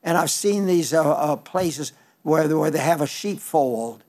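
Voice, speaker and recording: An older man preaching a sermon, halting and restarting often, slowing and lifting his voice when he quotes scripture. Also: on the high side, expressive, a little mellow. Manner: halting, with frequent restarts and fillers.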